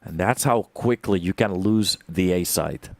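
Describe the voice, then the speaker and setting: A young man giving live play-by-play commentary on an esports match, swinging from calm analysis to loud bursts of excitement. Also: measured pace, creaky, no room sound. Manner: calm analysis that jumps to loud, high-pitched excitement on big plays. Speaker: esports caster.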